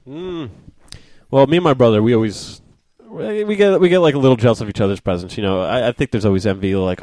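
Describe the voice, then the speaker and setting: Young male podcast guest, animated storyteller, dry recording. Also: mid-range voice, dry recording. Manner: storytelling, laughs often, halting restarts. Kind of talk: casual chat.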